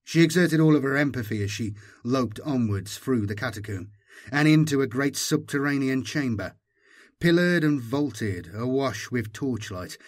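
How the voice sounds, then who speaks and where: A man reading an audiobook in measured, dramatic scripted narration. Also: mid-range voice.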